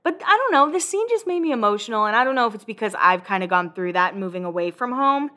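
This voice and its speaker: A woman's voice: on the high side, fast. A young woman hosting a casual recap chat, talkative and swearing freely. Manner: chatty, swears freely, quotes people in animated voices. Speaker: podcast host recapping a reality show.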